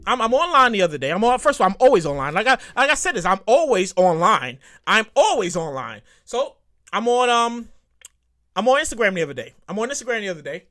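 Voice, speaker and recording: Talking fast in a mid-range voice, a New York–accented podcast host delivers a comedic solo rant. He gets excited, swears liberally and keeps repeating phrases.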